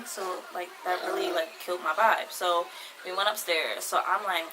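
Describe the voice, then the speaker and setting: A woman's voice: lowish voice, fairly even intonation, moderate pace. Chatty young woman, noisy background. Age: 20s. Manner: chatty, rambling, heavy use of "like". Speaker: vlogger. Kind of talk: casual storytime to camera.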